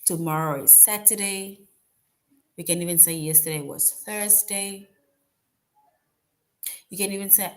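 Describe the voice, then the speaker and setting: A woman's voice: mid-range voice, steady tone, a little slow, pauses often. A woman teaching a grammar lesson to young children, patient and repetitive, often checking in with "right?". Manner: patient, repeats points, frequent "right?" checks.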